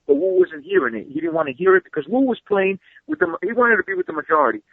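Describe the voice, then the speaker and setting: Fast-talking man on a tinny phone line. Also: sits high, creaky, dry recording. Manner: fast, excitable storyteller who swears freely. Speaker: guest. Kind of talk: animated storytelling, casual interview. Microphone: phone call.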